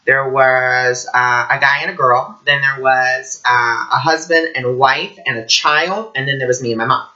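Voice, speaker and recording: A man giving a casual teaching vlog as an intuitive teacher, telling stories in an animated way. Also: medium pitch, moderate pace, few pauses, dull audio. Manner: animated storytelling.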